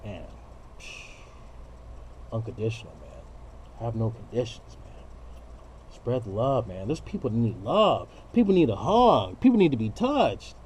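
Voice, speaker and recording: A man's voice: mid-range voice, big pitch swings, moderate pace, darkish tone, a little hiss or hum. A man ranting straight to camera in an unscripted vlog, blunt, profane and slangy, preaching about love. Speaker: vlogger.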